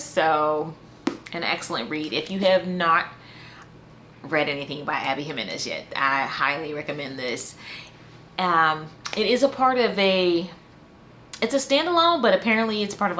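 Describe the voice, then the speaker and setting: A woman chats through a casual book review in a somewhat low voice. She fills pauses with "um" and "you know" and often restarts her sentences. A faint hiss sits behind her speech. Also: fairly bright tone. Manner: chatty, full of fillers and restarts.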